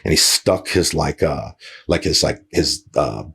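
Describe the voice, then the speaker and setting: A man's voice: extremely low pitch, animated, unhurried, creaky, a bit bright, husky. A man hosting a podcast, telling a story casually with lots of fillers, restarts and swearing. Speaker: podcast host.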